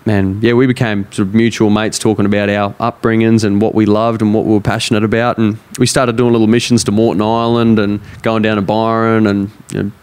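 A young man with an Australian accent, hosting a casual chat, animated and quick to laugh. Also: on the low side, smooth. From far north Queensland, Australia. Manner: animated, laughs easily, acts out voices.

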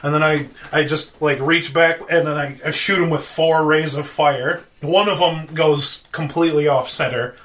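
Bright-voiced excitable male gamer. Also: on the high side, moderate pace, hardly any pauses. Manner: excitable, laughing, swears freely. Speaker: player. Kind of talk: casual game chat.

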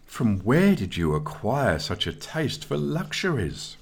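A carefree young man, put on by a male narrator, chirps along in a raised, lively voice. He teases and shrugs things off, slow and sing-song in his storybook delivery, full of easy good cheer. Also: medium pitch, creaky, husky, pitched above the performer's own voice, heavily acted. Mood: breezy. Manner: bright, breezy and teasing.

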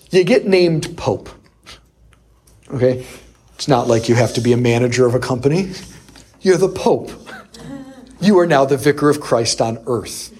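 A husky-voiced male priest preaching to a group. He tells a personal story in a lively way, acting out the voices of the people in it, in a mid-pitched voice. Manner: animated storyteller who acts out quoted voices. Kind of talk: sermon storytelling.

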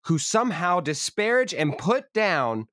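A man chatting on a podcast, his pitch leaping up and down as he riffs through half-serious rants. He tosses out mock-grand proclamations between rambling asides. The sound is dry and close, with no room in it. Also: measured pace, dry recording. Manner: animated, jokey, rambling with mock-grand declarations. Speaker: podcast co-host. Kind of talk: casual comedic podcast chat.

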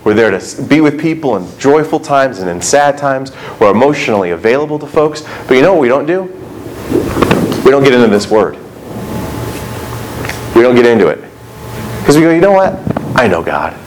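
A man's voice: mid-range voice, animated, brisk, long pauses, a little mellow, a little hiss or hum, rough recording. A middle-aged male pastor delivering a conversational sermon, full of rhetorical questions and acted-out quotes.

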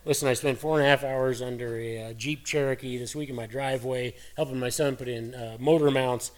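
A middle-aged man preaching a sermon in a folksy, earnest, conversational way, his voice hoarse and cracking. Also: medium pitch, steady tone, fairly quick. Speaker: pastor.

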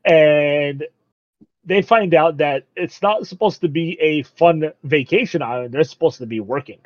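A man casually recapping a show, laughing often and acting out the characters' lines in quick asides. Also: on the high side, no echo. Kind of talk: casual chat recapping an anime. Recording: dull lo-fi dry recording.

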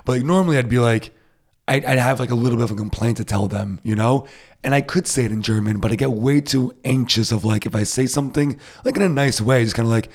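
A man's voice: mid-range voice, fast, a little mellow. A man from Rhode Island chatting casually, rambling and self-deprecating, with lots of fillers. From Rhode Island, USA. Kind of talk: casual chat. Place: Berlin.

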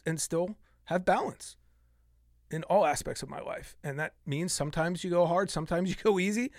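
A man's voice: high voice, dry recording, clean studio sound. A man in his fifties hosting a solo fitness podcast, talking passionately and getting worked up as he vents. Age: 50s. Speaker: podcast host.

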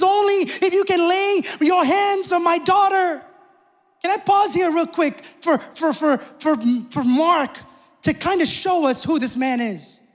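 A male pastor preaching a sermon, calling out to the congregation and quietly acting out the people in the story. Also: very high voice. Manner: preaching with call-outs to the congregation; acts out the people in the story in hushed asides. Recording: long hall reverb.

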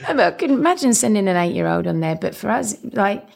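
A woman's voice: medium pitch, fast, vocal fry. A young woman with a South East London accent, chatting casually as a podcast guest and laughing often while telling stories. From England. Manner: lively storyteller, laughs often. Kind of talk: casual chat.

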